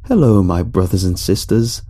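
A man's voice: low-pitched, animated, moderate pace, warm tone. A man doing a weary, casual sewer worker.

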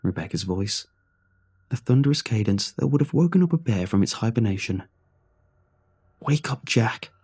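A man narrating a first-person horror story in a somber, measured way. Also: on the low side, lively intonation, dark tone, husky.

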